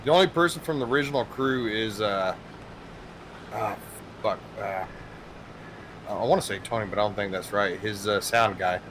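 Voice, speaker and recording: A man's voice: lowish voice, moderate pace, pauses often, noisy background. A man chatting with a friend while gaming, telling stories animatedly and swearing freely. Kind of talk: casual chat while gaming.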